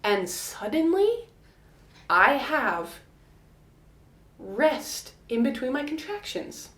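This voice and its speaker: A young woman telling a personal story to camera in a casual, animated way, laughing often and acting out quotes. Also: high-pitched, slow pace. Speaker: vlogger. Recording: echoey room.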